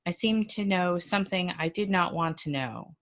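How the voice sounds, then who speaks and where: A woman, a librarian, reading a first-person story aloud in a measured, dry, expressive way. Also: on the low side.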